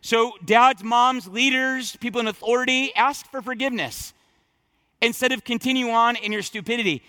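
Male pastor, high and bright, earnest, casual preaching style, dry close sound. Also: normal speed, no room sound. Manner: conversational, thinking aloud with frequent fillers and restarts. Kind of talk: sermon.

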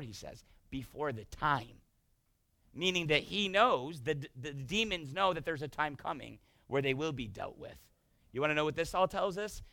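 A male pastor preaching a sermon, emphatic and swinging between loud bursts and hushed passages. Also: on the high side, vocal fry, no echo.

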